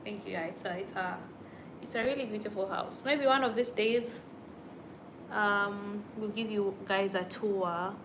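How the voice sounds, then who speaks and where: A woman's voice: mid-range voice, measured pace. Young Kenyan woman, home livestream chatter, indignant and exclamatory, mid-range voice, faint hiss. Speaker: livestream host. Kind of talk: casual livestream chat reading viewer comments.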